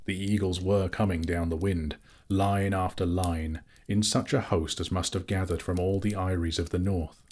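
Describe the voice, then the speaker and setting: A man reading a fantasy novel aloud as an audiobook narrator, in measured, steady storytelling. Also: low-pitched. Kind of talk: scripted narration.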